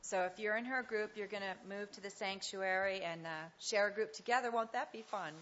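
A middle-aged woman speaking at a church women's gathering, telling a story with animation and then praying gently. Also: mid-range voice, fairly quick, dull audio, a little hiss or hum. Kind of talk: devotional talk and prayer.

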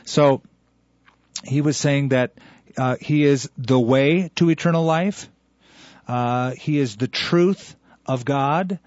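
A man's voice: medium pitch, takes it slowly, long pauses, a little mellow, no room sound, highs cut off. A man teaching as a radio Bible host, explaining a verse to a caller in an earnest, lecturing way.

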